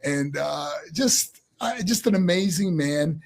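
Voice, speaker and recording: A middle-aged man with a slightly husky voice tells animated stories in a casual interview, laughing often as he goes. He grew up in New York and talks in a relaxed, loose way. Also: on the high side, takes it slowly. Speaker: guest, former pro wrestler.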